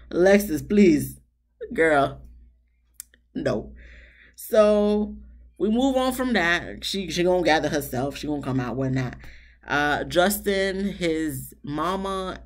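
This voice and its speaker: Lady ranting about a reality show, kinda low voice, sarcastic, laughs a lot. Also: a bit bright. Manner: sarcastic, wisecracking, talks straight to viewers; laughs a lot between remarks. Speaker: TV show reviewer. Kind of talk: casual commentary vlog.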